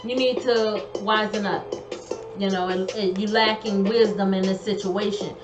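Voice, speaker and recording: A woman's voice: medium pitch, steady tone, normal speed, muffled recording. A woman giving an online tarot reading in an emphatic, colloquial way, repeating her advice. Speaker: tarot reader. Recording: echoey room, music behind.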